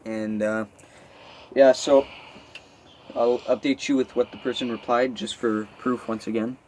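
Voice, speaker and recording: Nervous young man, flat voice. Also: mid-range voice, measured pace, a little hiss or hum, low-quality recording. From Quebec, Canada. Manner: nervous, rambling, with frequent fillers and restarts. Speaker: vlogger. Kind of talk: casual vlog storytelling. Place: camper at night; outdoors.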